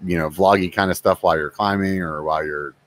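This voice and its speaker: A man's voice: low voice, steady tone, fast. A man hosting a podcast, chatting in an easygoing, agreeable way. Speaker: podcast host. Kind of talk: casual podcast chat.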